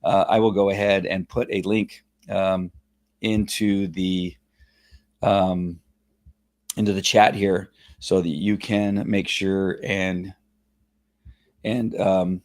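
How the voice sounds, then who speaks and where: A man hosting a casual live online show, talking in a halting, rambling way with lots of fillers and restarts, at times choked up while reading a viewer's story. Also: low voice, flat delivery, darkish tone. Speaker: host of a Facebook Live show. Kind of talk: casual live-stream talk, reading a testimonial aloud.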